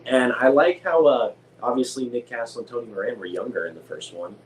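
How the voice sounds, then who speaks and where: A man talks casually on a podcast, working out his views as he goes. His voice sits at a middle pitch for a man. There is a faint wash of background noise. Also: a little fast, rough recording. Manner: thoughtful, mulling out loud. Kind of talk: casual chat.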